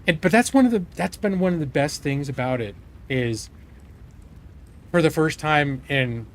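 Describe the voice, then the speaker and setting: A man's voice: a little high, moderate pace. A man in his forties chatting casually on a live stream, rambling and candid, swearing freely and joking at his own expense. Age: 40s.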